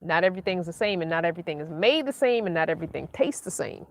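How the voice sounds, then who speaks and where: A woman from Northern Virginia hosting a casual livestream, reading viewer comments aloud in a chatty, animated way and laughing often. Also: on the low side, fast, no room sound, studio quality. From Northern Virginia, USA. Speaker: vlogger hosting a live chat.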